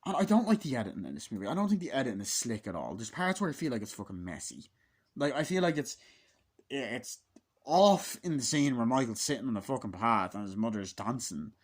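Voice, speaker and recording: A man's voice: medium pitch, big pitch swings, brisk. A man giving an unscripted movie review in a rambling way, swearing a lot and using many fillers. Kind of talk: casual, unscripted spoken review.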